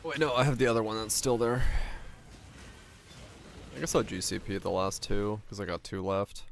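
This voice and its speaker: Low gravelly man streaming a game. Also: steady tone, moderate pace, slight background noise. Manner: thinking aloud, low-key and mumbling. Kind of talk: casual gameplay commentary.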